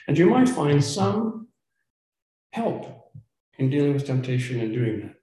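Male pastor, earnest sermon, emphatic, warm dark voice, heavy room echo. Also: on the high side, lively intonation, measured pace. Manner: earnest, emphatic preaching with stammered repeats. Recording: very echoey church room.

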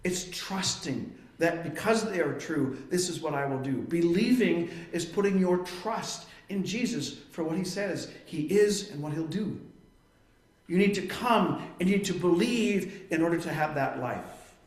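A man's voice: a little high, animated, measured pace, roomy sound. A man preaching a sermon, explaining a Bible passage in an earnest, emphatic way. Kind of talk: expository Bible teaching.

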